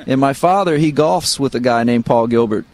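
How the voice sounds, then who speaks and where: A middle-aged man from Missouri, a guitarist guest, telling relaxed, rambling stories full of fillers in an interview. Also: medium pitch, normal speed, no echo. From Missouri, United States. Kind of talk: casual interview storytelling. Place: radio studio.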